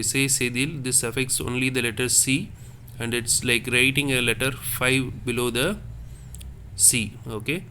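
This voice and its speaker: A man teaching a French class online, explaining slowly and correcting himself as he repeats words. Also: medium pitch, sharp tone, slight background noise. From India. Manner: slow, repetitive explaining with self-corrections.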